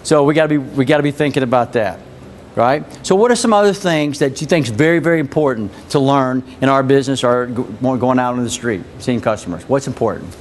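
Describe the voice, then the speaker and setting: A man's voice: mid-range voice, a little fast, slight background noise. A man leading a live sales training, coaching his team with repeated phrases and questions to the room. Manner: energetic, repetitive coaching, asks the audience questions.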